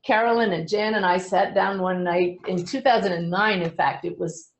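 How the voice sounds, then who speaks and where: Low-voiced woman in an echoey room. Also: steady tone, normal speed. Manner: earnest, gently humorous storytelling. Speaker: medium and speaker. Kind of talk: explaining to a webinar audience.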